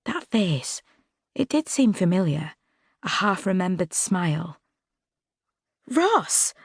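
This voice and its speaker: Low-voiced woman narrating an audiobook. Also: unhurried, creaky, no echo, studio quality. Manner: expressive, wry storytelling. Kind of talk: first-person novel narration. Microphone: close studio mic.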